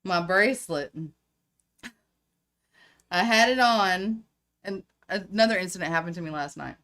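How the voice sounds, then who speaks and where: A woman's voice: on the low side, measured pace, a bit bright. A woman co-hosting a casual livestream chat, swearing freely and laughing often. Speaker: podcast co-host.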